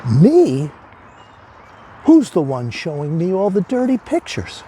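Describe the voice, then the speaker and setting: A man voicing an excitable male patient in a spoken joke, gushing and breathless in a raised voice. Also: mid-range voice, slow pace, a little hiss or hum.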